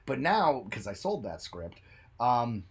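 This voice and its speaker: A man with a husky, slightly rough voice co-hosts a casual podcast. He talks in an animated way, rambles through stories and breaks into playful voices. His pitch sits in an ordinary middle range. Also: slow pace. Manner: animated storyteller, jumps into joking voices. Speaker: podcast co-host. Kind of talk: casual chat.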